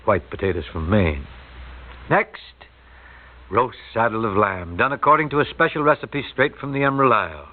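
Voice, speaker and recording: A man's voice: fairly low pitch, expressive, moderate pace. A man hosting a radio show, talking in a folksy, joking, conversational way. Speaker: radio host. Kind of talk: chatty radio talk. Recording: tinny old radio broadcast.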